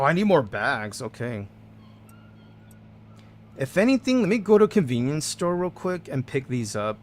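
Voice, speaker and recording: A medium-pitched man streams a game using a desk microphone, with a little background noise in the mix. Relaxed and joking, he reads chat messages aloud, greets viewers, hums idly, and gets loud when excited.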